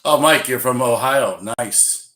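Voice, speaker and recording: A man's voice: medium pitch, a little slow, pushed and bright. A man co-hosting a podcast, chiming in casually with brief, dry responses. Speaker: podcast co-host. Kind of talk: casual chat.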